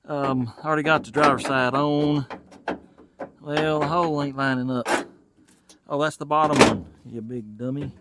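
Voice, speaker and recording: Fixing up an old truck in the garage, this Tennessee mechanic and channel host talks casually on camera and thinks out loud in a Southern US accent. His medium-pitched voice holds a steady tone at normal speed under heavy background noise.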